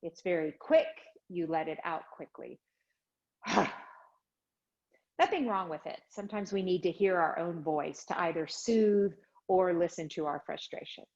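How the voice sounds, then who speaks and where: Woman yoga teacher, chair yoga class, slow soothing guidance, lowish voice, dull lo-fi sound. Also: lively intonation, darkish tone. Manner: slow, soothing guided instructions. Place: home studio livestream.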